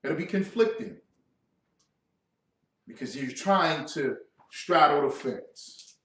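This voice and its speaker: Man instructor, high and very lively voice, mocking and combative delivery, echoey room with a distant mic. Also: slow, long pauses. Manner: animated, mocking and confrontational, with loud outbursts. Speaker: class instructor. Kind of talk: lecture to a class.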